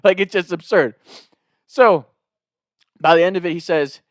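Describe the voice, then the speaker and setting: Excitable, profane man telling a story. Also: high voice, unhurried, pauses often, no echo. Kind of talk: casual comedic storytelling.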